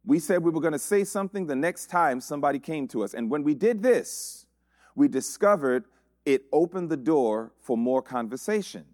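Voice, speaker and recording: A man's voice: a little high, animated, moderate pace, a little mellow, no echo, studio quality. A man preaching a sermon, building his points through repeated rhetorical questions.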